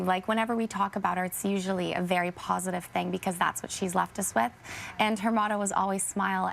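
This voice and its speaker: A young woman talks earnestly on a TV interview, often restarting her sentences as she searches for words. Her voice carries a gravelly fry, with a faint hiss in the background. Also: mid-range voice, fairly bright tone. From Canada. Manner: earnest, fond, hesitant restarts. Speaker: actress and guest.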